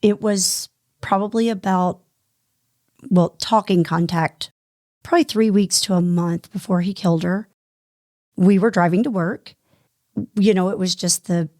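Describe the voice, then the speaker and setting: A woman's voice: lowish voice, moderate pace, a little mellow, dry recording, studio quality. A middle-aged woman co-hosting a podcast, earnestly recounting conversations from her own life. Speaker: podcast co-host. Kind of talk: personal storytelling.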